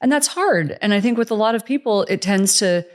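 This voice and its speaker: A woman of medium pitch co-hosts a podcast conversation. She is chatty and playful, laughs easily, and keeps a casual back-and-forth going. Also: animated, brisk. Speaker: podcast co-host.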